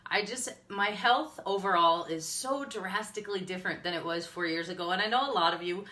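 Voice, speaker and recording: Casting: earnest Midwestern woman, thirties, bright tone, candid live-video talk. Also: on the low side, brisk. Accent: upper Midwestern American. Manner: candid, earnest, tearful at times, laughs often. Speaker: health and fitness coach.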